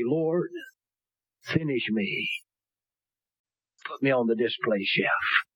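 A man preaching a sermon with fervor, climbing to shouts and falling back to a low, steady tone. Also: slightly rough, no echo, muffled recording. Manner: fervent, rising to shouts and dropping low.

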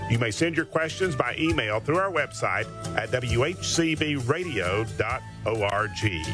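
A man reading a scripted radio program introduction in a clear, formal manner. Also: medium pitch. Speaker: program announcer.

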